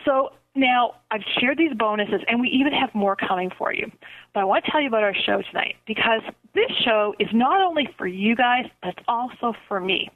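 A woman's voice: on the high side, expressive, a little fast. A middle-aged woman with a Canadian accent hosting a radio show, talking to listeners in an enthusiastic, gushing way. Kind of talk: upbeat radio chat with promotions. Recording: phone-line quality audio.

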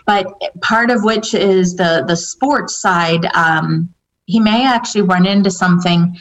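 A woman with a lowish voice answers viewer questions as a psychic medium, speaking a little slowly. Her reading is casual and hesitant, packed with fillers and restarts as she passes along what the spirits say. The recording is dull and lo-fi.

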